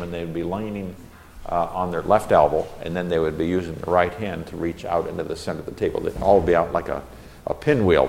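Deep gravelly male Bible teacher. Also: darkish tone, echoey room. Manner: explanatory, with folksy examples and frequent filler "uh". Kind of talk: sermon teaching.

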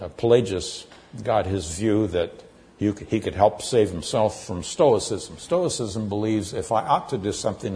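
A man giving an expository sermon, explaining terms with measured pacing and frequent pauses. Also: lowish voice, warm tone. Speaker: preacher.

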